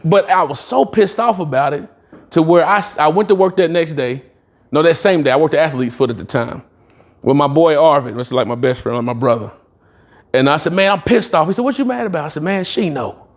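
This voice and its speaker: A man's voice: fairly high pitch, brisk. A middle-aged man giving a motivational talk, telling stories in a casual, slangy way and acting out the dialogue. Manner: animated, acts out dialogue in other voices. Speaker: motivational speaker. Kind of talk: storytelling speech at a sales retreat.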